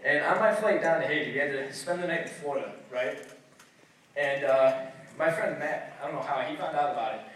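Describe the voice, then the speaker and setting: A young man performing a stand-up set, telling a story and acting out voices with loud outbursts. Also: a little high, a little fast. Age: young adult. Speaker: stand-up comedian. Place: comedy night venue, audience laughing. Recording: echoey room, distant mic, noisy.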